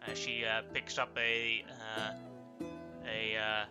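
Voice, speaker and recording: A man narrating as game master in a live tabletop game, halting with many fillers. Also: fairly low pitch, completely flat delivery. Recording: live stream with music behind.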